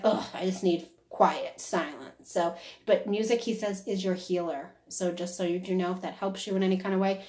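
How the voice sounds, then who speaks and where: A woman's voice: on the low side, a little mellow. A woman giving a casual psychic reading who talks on and on and keeps checking "is that correct?". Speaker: psychic medium. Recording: roomy echo.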